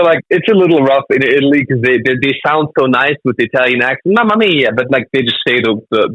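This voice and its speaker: Comedian guest, male, 30s; quick, punchy, animated storyteller. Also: on the low side, husky, dry recording, muffled recording. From Germany. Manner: animated storytelling, laughs often. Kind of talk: casual interview chat.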